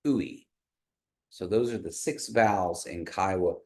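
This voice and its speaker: A man's voice: low voice, measured pace. A man teaching a language class in a classroom, patiently modeling sounds and having the learners repeat them. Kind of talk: classroom pronunciation lesson.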